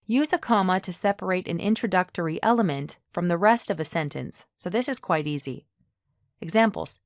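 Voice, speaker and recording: A woman's voice: lowish voice, no room sound, studio quality. A woman teaching English grammar in an online lesson, explaining patiently and often checking in with "okay?".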